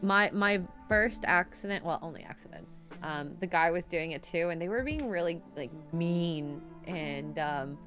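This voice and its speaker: A woman's voice: on the low side, expressive, a little slow, fairly bright tone, faint music behind. A woman in casual chat, reacting expressively and sympathetically. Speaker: co-host painter.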